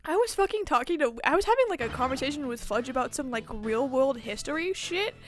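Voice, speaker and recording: A woman's voice: high voice, fairly quick. A woman streaming a game, chatting casually, giggling often and swearing freely. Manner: giggly, swears a lot, animated. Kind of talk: casual gaming commentary.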